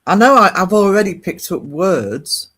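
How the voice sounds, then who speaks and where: A man's voice: sits high, sing-song, measured pace, fairly bright tone, breathy edge. A man from Northeast England with an English accent, chatting casually with viewers on a live art stream in a rambling way. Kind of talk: casual chat while streaming.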